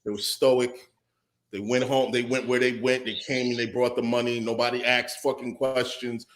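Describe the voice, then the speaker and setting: Male panelist, swearing, ranting with mock outrage, mid-pitched. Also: level tone, normal speed. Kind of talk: casual chat.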